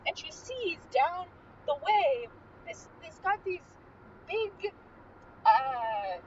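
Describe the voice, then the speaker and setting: Chatty woman podcast host, very high and bouncy, car recording with loud road hum. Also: very slow, recorded from a distance, dull audio. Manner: animated storytelling with frequent laughs. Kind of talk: casual film recap chat. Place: inside a car.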